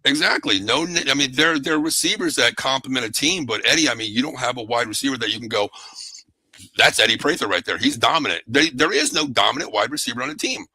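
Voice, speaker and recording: A man hosting a casual sports talk show, animated and excitable, often calling his co-host by name. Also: medium pitch, fast talker, vocal fry, few pauses, slightly rough, no room sound, rough recording.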